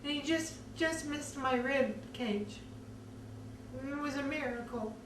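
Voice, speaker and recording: A woman speaks slowly and earnestly, pausing often as she recounts her own experience. The mic sits some way off in a reverberant room, and a faint hiss of background noise runs beneath her voice. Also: high-pitched, distant mic. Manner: earnest, measured recounting with many pauses. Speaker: survivor telling her own story. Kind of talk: personal testimony.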